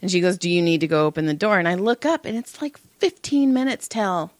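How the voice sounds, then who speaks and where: Speaking fairly quickly in a voice on the low side, a female podcast co-host recounts a story in casual chat. She acts out people's words with animation and plenty of swearing, captured on a dry recording.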